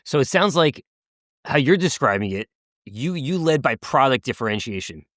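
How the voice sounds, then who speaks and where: Guy hosting a podcast, average pitch, keeps praising and asking follow-ups, no room echo. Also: lively intonation, normal speed, a bit bright, studio quality. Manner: affirming, enthusiastic interviewer. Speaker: podcast host, interviewer. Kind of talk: conversational podcast interview.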